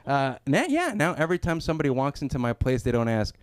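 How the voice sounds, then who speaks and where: A man's voice: medium pitch, very animated, fast, clear, resonant tone, dry recording. A male comedian delivering a stand-up set, punchy and self-deprecating, acting out little characters. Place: small comedy club stage.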